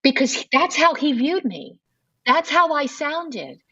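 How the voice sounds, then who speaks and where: Speaking slowly yet very animated, this middle-aged woman has a high, pushed, bright voice. She's a podcast guest in a personal storytelling interview, sincerely recounting her conversion and performing remembered conversations. There's no echo, and the high frequencies are cut off.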